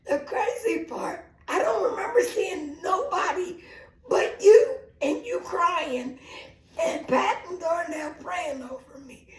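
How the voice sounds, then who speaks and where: A woman recalling in casual chat what she remembers of waking up, slow and laughing as she talks. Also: very high-pitched, lively intonation, distant mic. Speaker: mother recalling her coma. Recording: echoey room, away from mic.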